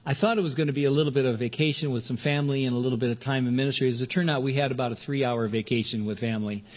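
An older man from Southern California preaching a sermon earnestly, often restarting words and lifting his pitch to stress a point. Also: fairly even intonation, racing. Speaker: pastor.

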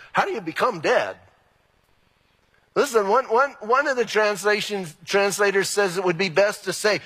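A male pastor preaching with emphatic, exclamatory energy. His tone is bright and slightly husky, and his higher-pitched voice carries through a church sanctuary with a long reverb tail. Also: normal speed, faint music behind. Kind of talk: sermon.

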